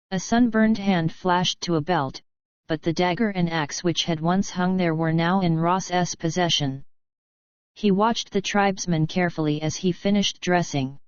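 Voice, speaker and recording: A woman narrates an audiobook in a measured, even way. Her voice is low and smooth. The recording is dry and slightly dull. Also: no echo.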